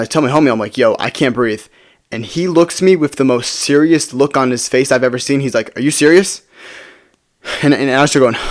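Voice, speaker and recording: Rambling young man telling a story. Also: medium pitch. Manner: rambling, with frequent stumbles and restarts. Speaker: storytime video creator. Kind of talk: casual storytelling.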